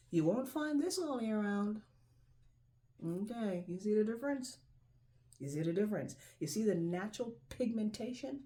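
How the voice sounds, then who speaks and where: Speaking in a dark-toned, mid-range voice, this Jamaican host shows things off in a relaxed show-and-tell for the camera. She's unhurried and pauses often, her intonation lively, and she keeps repeating herself and checking in with "right?"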